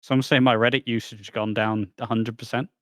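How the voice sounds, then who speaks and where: A man's voice: mid-range voice, flat delivery, fairly quick, a bit bright, no room sound. A man co-hosting a casual podcast, blunt and sweary with dry jokes. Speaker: podcast co-host. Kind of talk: casual chat.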